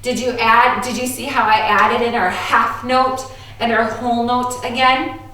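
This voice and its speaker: Bubbly lady music teacher talking slow to kids, super echoey room, mic kinda far off. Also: on the high side, little pitch movement, bright, forceful tone. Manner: upbeat, playful, exaggerated teacher voice. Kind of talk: online music lesson for children.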